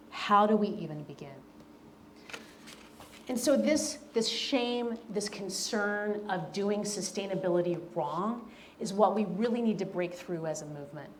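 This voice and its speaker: Woman author from the South, mid pitch, earnest and emphatic, talk and book reading to a room, faint ambience. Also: a little hiss or hum. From American South. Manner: earnest, emphatic, repeats key lines. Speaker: author and speaker. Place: event room before an audience.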